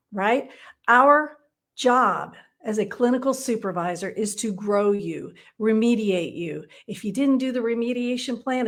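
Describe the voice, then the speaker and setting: A woman from Texas, teaching counseling supervisors in a casual live stream, chatty and blunt, often tagging "right?" onto her points. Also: fairly high pitch. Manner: chatty, frequent "right?" tag questions; blunt, playful asides.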